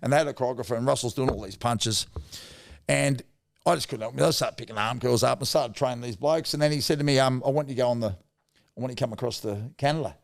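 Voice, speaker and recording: Speaking quickly in a creaky, mid-range voice, a middle-aged Australian podcast guest spins meandering, blokey stories. His casual storytelling includes some mild swearing.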